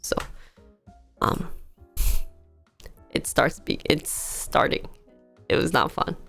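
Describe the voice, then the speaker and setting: A woman's voice: slow, a bit bright, soft background music. A woman livestreaming from home, telling stories in a casual, chatty way and laughing often. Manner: chatty storytelling, frequent laughter.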